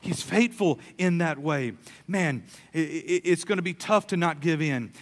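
A man preaching a sermon as a pastor, emphatic, swinging between soft, quiet stretches and loud, pressing lines. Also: on the high side, normal speed. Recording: long hall reverb.

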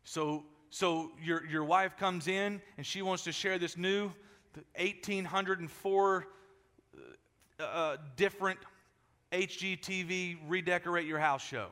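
A man preaching a sermon in a large church, animated and joking with the congregation, often repeating words as he restarts. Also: high voice, a little slow. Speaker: pastor. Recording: echoey hall.

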